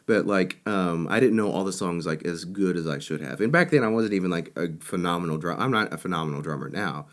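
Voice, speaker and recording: A young man with a fairly low voice tells a road story as a podcast co-host. He talks casually and gets animated as he acts out what people said. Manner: animated, quick to act out quotes.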